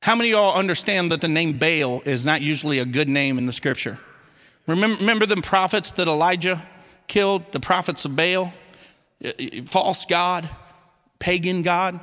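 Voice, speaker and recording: High, bright-voiced preaching man with a Missouri twang. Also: normal speed. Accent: Southern Missouri. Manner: folksy, animated preaching with y'all and restarts. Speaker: pastor. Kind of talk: sermon. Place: church sanctuary. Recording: long church hall reverb.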